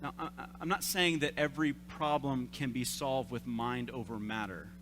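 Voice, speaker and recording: A man in his thirties, a young adults pastor, giving a conversational sermon with animated, self-deprecating stories. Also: mid-range voice, moderate pace, background noise. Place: church service.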